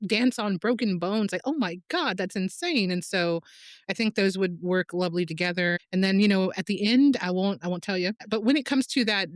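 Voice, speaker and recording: A woman's voice: a little fast, dry recording. A woman documentary filmmaker in a casual interview, telling stories animatedly and acting out quotes. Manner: animated storyteller, acts out quotes with big pitch jumps.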